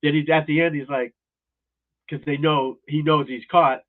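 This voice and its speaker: Over tinny, phone-like audio, a man livestreams as a golf instructor, rambling casually in a blunt, profane rant. His voice is fairly high, with fairly even intonation and a moderate pace.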